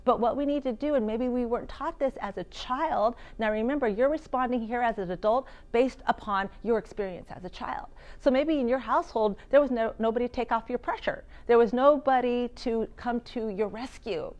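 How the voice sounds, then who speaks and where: A woman health practitioner delivers a seminar presentation in a somewhat high voice. She talks in an animated way, slipping into the voices of the people and inner thoughts she quotes. She often restarts her sentences and repeats words as she goes. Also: brisk, few pauses, highs cut off. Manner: animated, acts out quoted voices and self-talk. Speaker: health practitioner giving a talk.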